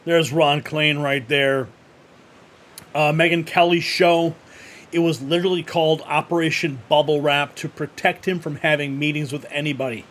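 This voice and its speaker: A man hosting an online news commentary show, reacting to clips in an animated way. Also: a little high, moderate pace. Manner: animated, laughs loudly at clips.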